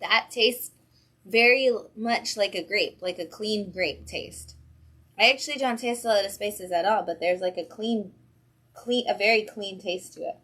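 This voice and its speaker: An upbeat woman hosting a casual livestream chat, talking in a bright, forward voice. She rambles cheerfully with plenty of ums, at an ordinary middle pitch. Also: a little slow, slightly rough. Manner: upbeat and chatty, with frequent ums. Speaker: comic shop livestream host. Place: comic book shop.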